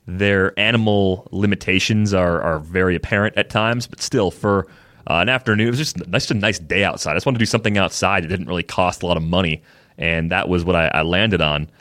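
A man co-hosting a podcast, telling relaxed stories in casual chat with dry humor. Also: low-pitched, no room sound. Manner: relaxed storyteller, dry humor, many fillers. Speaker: podcast co-host.

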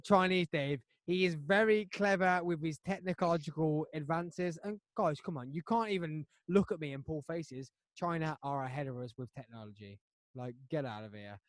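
A man hosting a podcast, chatting loudly and excitedly with friends and teasing them. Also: on the high side, normal speed, no echo, clean studio sound. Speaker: podcast host. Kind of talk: casual banter with friends.

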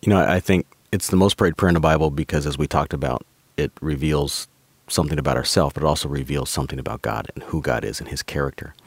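A man, a pastor and author, talking in a relaxed podcast conversation and explaining scripture by quoting verses. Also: very deep voice, fast, husky, dry recording.

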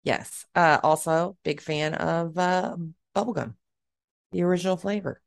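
A woman in her thirties co-hosting a podcast, chatty and animated, with lots of "like" in her speech. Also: lowish voice, measured pace, vocal fry, no room sound, studio quality. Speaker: podcast co-host. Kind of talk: casual podcast chat.

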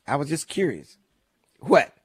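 A fairly high-voiced man hosts a call-in radio show, chatting loosely and telling neighborhood stories with amused asides. His studio mic sounds dry and close. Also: big pitch swings, measured pace, husky, dry recording. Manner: chatty storytelling, amused, repeats phone number. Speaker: radio talk show host. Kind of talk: casual call-in radio talk.

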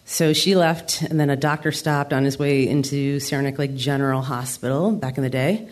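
A woman's voice: a bass voice, fairly even intonation, normal speed. A woman in her sixties from the Adirondacks of New York, telling a comic, self-deprecating story live on a theater stage. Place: theater stage before an audience.

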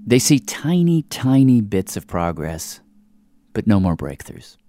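A man hosting a radio story, narrating and asking questions in a calm, measured way. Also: fairly low pitch, no echo. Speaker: radio host.

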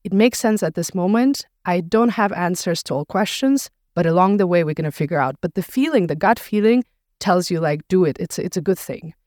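A woman, a podcast founder interviewed on her own show, telling her story in a relaxed, reflective way with frequent "like" fillers. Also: on the low side, brisk, no room sound, clean studio sound. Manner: reflective storyteller, fills speech with "like". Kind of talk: casual conversational interview.

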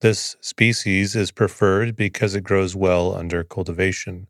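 A man hosting a sleep podcast, reading an article aloud in a soothing, even way to bore listeners to sleep. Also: deep voice, measured pace, dry recording, clean studio sound. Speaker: podcast host.

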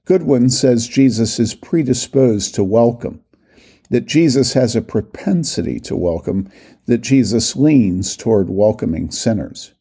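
A man reading aloud a critique of a theology book, slowly reading out long quotations and marking each quote. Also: mid-range voice, lively intonation, dark tone, husky. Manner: reads quotations slowly and deliberately, voicing each quote mark.

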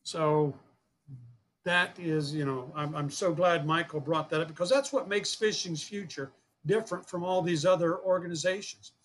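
A man's voice: a little high, steady tone, moderate pace, slight background noise. A man telling a long personal story in an interview, earnest, repeating words and acting out the dialogue he quotes. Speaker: guest, fishing program founder.

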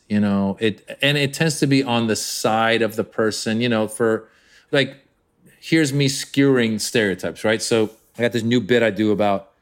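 An American man, a comedian, talking in an interview at a middling pitch. He tells his stories animatedly, jumping into other voices along the way. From United States. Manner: animated storyteller, acts out voices. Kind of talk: interview conversation.

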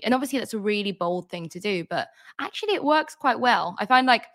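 A woman's voice: mid-range voice, animated, fairly quick, fairly bright tone. Chatty woman author. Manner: chatty, thoughtful, many "like" and "you know" fillers. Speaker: author, interview guest. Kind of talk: casual interview chat.

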